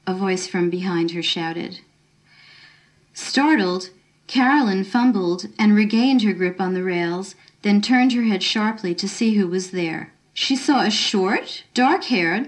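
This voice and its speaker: A woman narrating a short story in a measured, expressive reading. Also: fairly low pitch.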